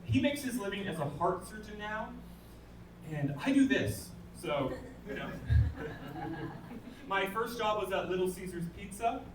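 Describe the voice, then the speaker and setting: His voice sits high, with lively intonation, as this English comedian works through a dry, self-mocking set, unhurried and leaving long pauses. It's a noisy, roomy recording made from a distance at a comedy club, where the audience laughs along.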